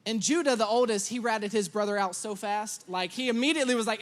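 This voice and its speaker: A man in his thirties preaching a sermon, telling a lively story about his children and acting out their lines. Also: very high-pitched, brisk, hardly any pauses. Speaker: pastor.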